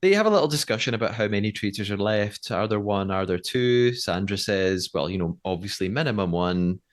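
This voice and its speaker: A man's voice: fairly low pitch, expressive, brisk. A man co-hosting a podcast, recapping a show in casual chat and laughing often. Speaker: podcast co-host.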